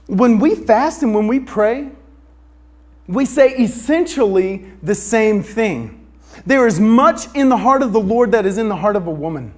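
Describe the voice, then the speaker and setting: A man's voice: high voice, expressive, measured pace. A man preaching a sermon, joking with the congregation and asking them for a show of hands. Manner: asks the audience for a show of hands. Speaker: pastor.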